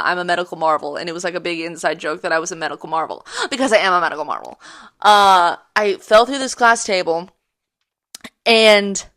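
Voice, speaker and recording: A woman in her twenties from the Ozarks, telling a story in casual chat with swearing and acted-out shouts. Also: fairly low pitch. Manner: animated, swearing, acts out voices with shouts. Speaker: podcast host.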